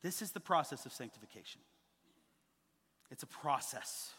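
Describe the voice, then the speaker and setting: A man in his thirties preaching a sermon as a pastor, telling stories with lively acted-out quotes. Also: mid-range voice, moderate pace, husky, in a large hall. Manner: animated storytelling, acting out quoted voices. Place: church sanctuary.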